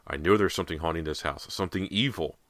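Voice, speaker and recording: Storybook teen girl, desperate and defiant, hushed urgency; a man plays her. Bright, dry. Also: low-pitched, fast talker, dry recording.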